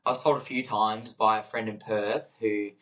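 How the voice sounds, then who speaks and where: A man's voice: lowish voice, flat delivery, moderate pace, a bit bright, rough recording. A young man co-hosting a podcast, speaking casually and hesitantly, with lots of fillers and easy laughter. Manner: hesitant, many fillers and restarts, laughs easily. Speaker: podcast co-host. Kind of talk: casual chat.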